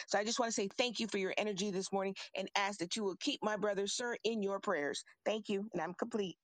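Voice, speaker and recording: A woman's voice: medium pitch, no room sound. Earnest woman caller, dry and close.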